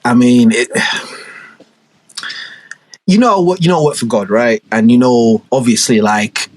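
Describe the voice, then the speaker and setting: A man's voice: medium pitch, a little mellow, lightly acted. A man voicing a reluctant angel messenger who stammers out bad news. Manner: hesitant, halting, apologetic.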